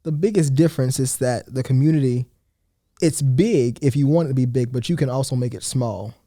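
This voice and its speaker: A teenage boy from Atlanta, Georgia, speaking as a guest in a relaxed, measured and polite way. His voice is mellow and dark, recorded close and dry with no room sound. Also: medium pitch, dry recording. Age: teens. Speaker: guest student. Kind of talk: casual interview answers.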